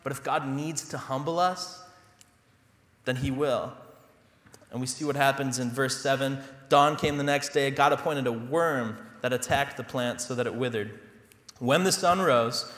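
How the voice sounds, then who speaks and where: A man's voice: medium pitch, fairly bright tone, echoey room, long reverb tail. A young adult man, a pastor, preaching a sermon in a conversational way, with self-deprecating humor and personal stories. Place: church sanctuary.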